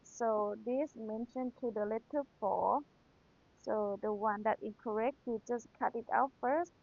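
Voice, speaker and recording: A woman's voice: a little high, unhurried, creaky, darkish tone. A young woman whose first language is Thai, teaching an exam review lesson and patiently repeating key points while checking in with rhetorical questions. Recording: tinny phone-like sound, dry.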